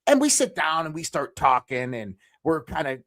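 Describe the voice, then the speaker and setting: A man telling a personal story as a podcast guest, animated and casual, often restarting his sentences and swearing now and then. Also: a little high, normal speed.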